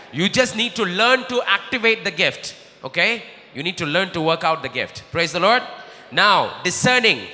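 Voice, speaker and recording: With a high, very bright voice, a man preaches an impassioned sermon, shifting from murmured prayer to shouted emphasis. A long reverb suggests a large hall.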